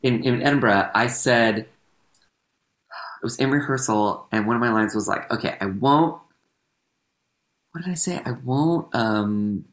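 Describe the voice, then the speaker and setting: An American man, an actor and comedian, chatting casually on a podcast in a rambling, self-correcting, animated way. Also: medium pitch, moderate pace. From United States. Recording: roomy echo.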